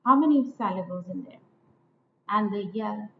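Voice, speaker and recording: A woman lecturing on poetic meter, slow and deliberate, repeating lines and stressing each syllable. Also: medium pitch, creaky. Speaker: literature teacher. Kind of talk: poetry lecture. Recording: echoey, tinny phone-like audio with faint noise.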